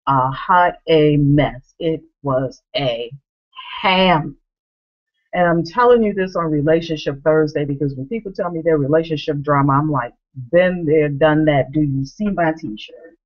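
A woman in her thirties, a vlogger, telling a family story to camera and acting out the people in it with lively swings in her voice. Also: low voice, measured pace, lo-fi sound. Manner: animated, acts out quoted voices.

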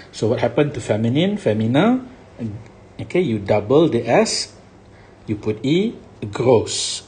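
Man, french teacher, slow, repetitive, lively pitch, faint background noise. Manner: slow, repeats each word, checks with "okay?". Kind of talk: recorded language lesson.

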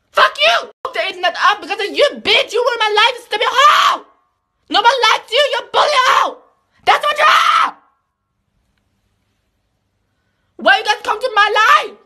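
Young woman, emotional vlog rant, swings from shouting to tearful; very high, bright voice. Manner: shouting, cursing, fast and heated. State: crying. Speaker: social media personality.

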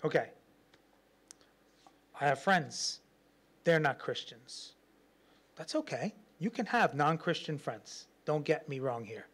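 Speaking slowly with long pauses, a pastor with a voice on the high side preaches a sermon. He brings his stories to life, laughing often and performing the quotes of the people involved.

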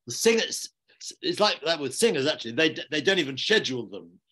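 An older man, a seasoned director, recalls stage anecdotes over a video call. His voice sits a little higher than most men's, and he talks in a measured way, often restarting his sentences. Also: very animated, bright, forceful tone. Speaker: theatre and film director, guest. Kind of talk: reflective interview conversation. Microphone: online video call.

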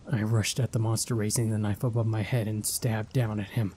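A man reading a first-person horror story aloud in a measured, ominous storytelling manner. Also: lowish voice, level tone, mellow, slightly rough. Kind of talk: scripted horror narration.

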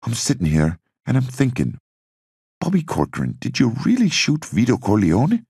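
A man's voice: mid-range voice, wildly swooping pitch, normal speed, darkish tone, breathy edge, no room sound, clean studio sound, voice pushed up, heavily acted. A man voicing a desperate man who fears for his life, agitated and pleading. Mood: anguished. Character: anxious Irish-American man in trouble.

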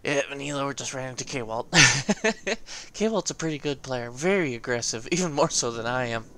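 A man giving casual, excitable gameplay commentary, laughing often and swearing cheekily. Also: mid-range voice, moderate pace.

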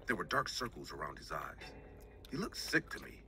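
Low-pitched man narrating a scary story. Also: sing-song, normal speed, over music. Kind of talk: scripted narration.

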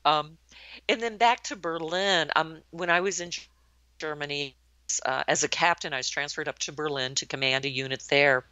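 A woman's voice: low voice, normal speed, clear, resonant tone, no echo. A woman in her sixties, a retired army colonel from the United States, telling anecdotes in an interview and acting out the quoted lines. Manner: lively storyteller who acts out quoted lines. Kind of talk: anecdotal storytelling in a podcast interview. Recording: dull lo-fi, dry sound.

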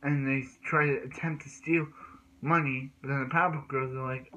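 A man's voice: mid-range voice, steady tone, brisk, pushed and bright, slight background noise, low-quality recording. A man recapping cartoon episodes in a rambling way, with many restarts and repeated words. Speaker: cartoon reviewer.

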